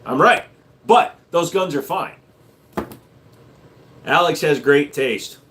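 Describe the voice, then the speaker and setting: A man's voice: fairly high pitch, animated, takes it slowly, a bit bright, slight background noise. A man hosting a livestream, joking loosely and answering chat questions. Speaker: livestream host.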